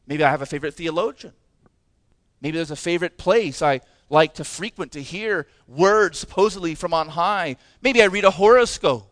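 A man's voice: sits high, fairly quick, a bit bright, no room sound. A man preaching a sermon as pastor, impassioned and emphatic, with many rhetorical questions.

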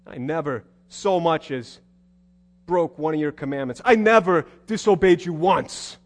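Male preacher playing a bitter older brother: high, loud, indignant, big hall echo. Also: unhurried, natural voice. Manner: indignant, complaining, pointed. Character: bitter resentful elder brother, young man. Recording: long hall reverb.

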